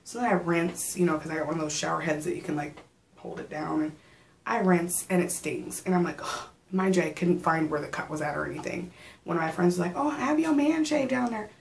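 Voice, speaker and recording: A pregnant woman in her thirties chatting casually in a vlog, telling stories with animated quoted asides and sometimes getting out of breath. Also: low-pitched, a little fast, creaky, a little hiss or hum. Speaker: vlogger.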